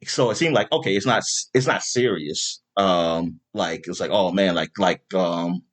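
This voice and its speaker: A man hosting a podcast in casual chat, rambling with lots of fillers and bursting into loud exasperation. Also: sits low, normal speed. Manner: rambling, animated, with many fillers. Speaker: podcast host.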